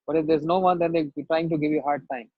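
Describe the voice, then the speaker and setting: A man with a slightly high, husky voice gives a devotional sermon, drifting into a personal anecdote and playing the other voices in it. His English has a non-native turn of phrase. The recording is dry and muffled, with no room sound. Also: fairly even intonation, quick pace, no room sound. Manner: conversational storytelling, acts out quoted voices. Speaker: spiritual teacher.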